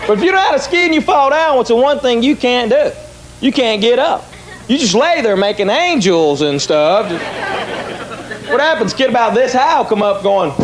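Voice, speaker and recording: Brief: middle-aged Southern comic, high lively voice, drawling stage storytelling, live room with a roaring crowd. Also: male voice, normal speed. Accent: Southern American. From American South. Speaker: stand-up comedian. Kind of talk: stand-up comedy routine. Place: comedy stage before a live audience. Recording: live stage recording with loud crowd laughter and noise.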